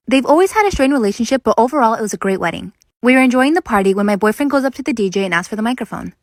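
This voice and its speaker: Brisk woman reading stories aloud. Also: on the high side, no echo, studio quality.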